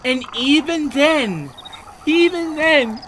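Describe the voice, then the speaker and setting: Profane ranting gaming host, bright voice. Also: sits high, animated, slow pace, a little hiss or hum. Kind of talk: let's play commentary.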